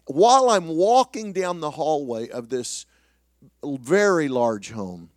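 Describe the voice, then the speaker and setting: A middle-aged man preaching, telling a personal story in a self-deprecating way with many restarts, sometimes dropping to a hushed voice. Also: fairly high pitch, sing-song, slow, no room sound, clean studio sound. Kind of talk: sermon storytelling.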